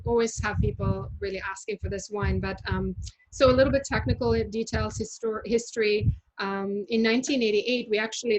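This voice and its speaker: A woman's voice: mid-range voice, rough recording. A woman in the middle of her range guides a wine tasting over a video call. She talks in a loose, chatty way, full of fillers and small restarts as she explains. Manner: chatty, many fillers and self-corrections. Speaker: winery representative leading a tasting. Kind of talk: casual presentation on a video call.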